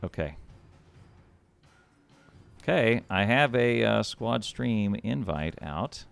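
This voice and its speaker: A man hosting and casting a game match on a live stream, chatty and quick to laugh. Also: on the low side, animated, gravelly, clean tone, soft background music. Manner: chatty, with lots of laughs and restarts. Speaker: shoutcaster and match host. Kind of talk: casual live stream talk.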